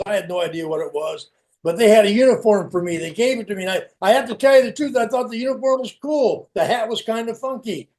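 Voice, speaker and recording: Middle-aged guy w a high voice, blunt honest storytelling on a video call. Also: darkish tone. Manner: candid, plain-spoken storytelling. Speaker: recovery meeting speaker. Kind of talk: personal recovery share.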